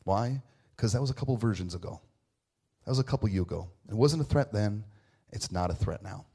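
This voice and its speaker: A man's voice: lowish voice, lively intonation, a little fast, dark tone, breathy edge. A man in his thirties giving a casual, conversational sermon as a pastor. He talks informally and earnestly, tells personal stories and keeps checking in with "right?". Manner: informal, repeats "right?" often, restarts phrases.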